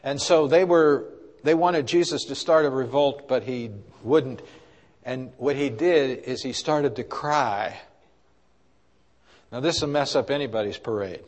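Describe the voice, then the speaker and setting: A man preaching a sermon at a mid pitch, his voice carrying a long reverb through a large church hall. He asks the congregation questions and swings from soft, low passages to loud, raised ones. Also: measured pace. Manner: preaching with rises and drops in loudness, asking the congregation questions. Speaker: pastor.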